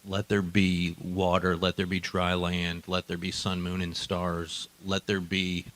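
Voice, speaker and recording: Guy preaching in a church, kinda low voice, gets loud and emphatic then drops quiet. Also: monotone, measured pace, poor audio. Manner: emphatic, swings between quiet asides and loud declarations. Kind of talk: sermon. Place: church hall.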